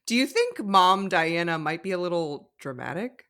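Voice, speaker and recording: A woman with a somewhat low but bright, forceful voice, co-hosting a casual podcast. She giggles often and gives frank opinions. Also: very animated, moderate pace. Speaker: podcast co-host. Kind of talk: casual chat recapping a reality show.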